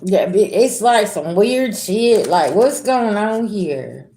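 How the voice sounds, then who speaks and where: A woman's voice: mid-range voice, animated, slow pace, roomy sound, background noise. Sassy, blunt woman doing tarot readings. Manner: blunt, sassy, with slang and swearing. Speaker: tarot reader. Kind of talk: casual spiritual reading to viewers.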